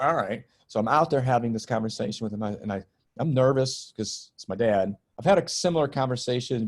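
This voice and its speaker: Earnest middle-aged man telling a story. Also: mid-range voice. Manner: earnest and emotional, breaks tension with jokes. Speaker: guest, spiritual teacher and healer. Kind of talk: personal storytelling in a podcast interview.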